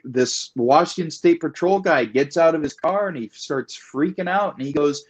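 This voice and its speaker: A man talking in a political discussion, emphatic and repetitive, building his points in long animated runs. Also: fairly high pitch, normal speed, breathy edge, lo-fi sound. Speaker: guest. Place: Puget Sound area.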